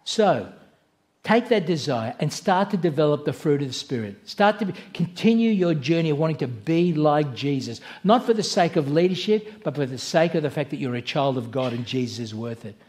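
A man's voice: a little high, expressive, moderate pace, darkish tone. A man preaching a sermon as pastor, earnest and conversational, with asides and self-corrections. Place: church.

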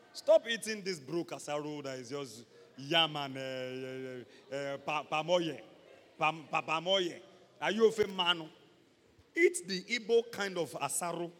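Nigerian preacher guy, dramatic, acts stuff out, sharp voice, echoey hall. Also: a little high, unhurried. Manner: dramatic, acts out scenes, switches to loud shouts. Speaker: pastor. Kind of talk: sermon. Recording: echoey hall with long reverb.

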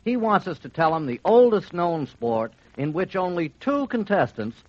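A man's voice: high voice, very animated, moderate pace, dry recording. A man co-hosting a scripted radio sports show, playing the cheerful straight man, on a dull lo-fi 1940s radio recording. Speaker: co-host.

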